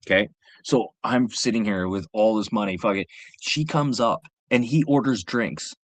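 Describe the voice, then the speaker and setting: A man on a livestream, telling a rambling, profane story in a casual, animated way. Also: on the low side, normal speed, no echo. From Canada. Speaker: livestream host. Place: home livestream setup.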